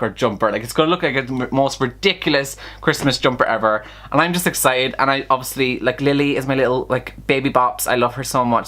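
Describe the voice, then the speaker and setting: A young man vlogging in a casual, rambling way, excitable and full of fillers. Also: on the high side. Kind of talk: casual vlog chat.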